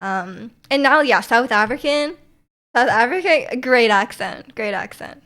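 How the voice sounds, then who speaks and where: A woman's voice: a little high, expressive, a little slow, a bit bright. A young woman streamer chatting casually with her viewers, rambling with lots of "like"s and restarts and laughing often. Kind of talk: casual chat reading chat messages.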